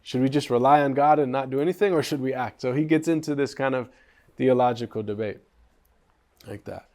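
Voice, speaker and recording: A man teaching at a spiritual retreat, relaxed and conversational, often checking in with his listeners. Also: mid-range voice, a little fast. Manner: relaxed, conversational, asks the group questions. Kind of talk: storytelling lesson on a classic poem.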